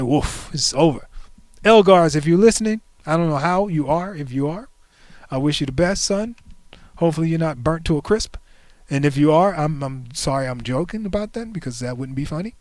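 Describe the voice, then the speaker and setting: A man's voice: a little high, no echo, studio quality. A man in his forties hosting a livestream, chatting casually in a playful, joking way and talking back to the chat. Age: 40s. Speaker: stream host.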